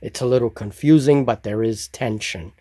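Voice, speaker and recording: A man narrating a solo tabletop game as game master, describing the scene slowly and deliberately. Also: mid-range voice, warm tone, no room sound. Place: hobby table with miniatures.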